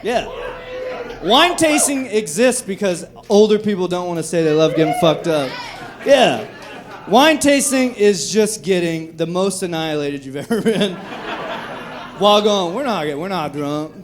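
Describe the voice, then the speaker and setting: At a comedy club, a man in his thirties with a high-pitched voice performs a brash, profane stand-up set at a measured pace. His delivery is animated, and this live club recording carries background noise and audience laughter throughout.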